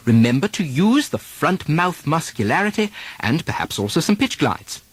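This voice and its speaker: A man's voice: a little high, big pitch swings, moderate pace, slightly rough. A man teaching an accent lesson, carefully demonstrating vowels and stresses and asking listeners to repeat after him. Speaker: dialect coach.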